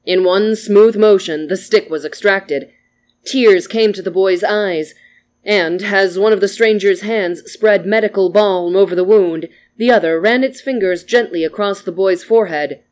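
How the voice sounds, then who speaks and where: A reader narrating a story with an even, gentle delivery. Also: medium pitch, measured pace.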